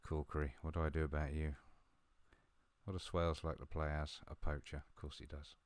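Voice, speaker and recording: A man talking through a football management game he is playing, chatty and a little mumbling, with sudden bursts of excitement. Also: rumbling low, brisk, no echo. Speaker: gaming video host. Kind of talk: live game commentary.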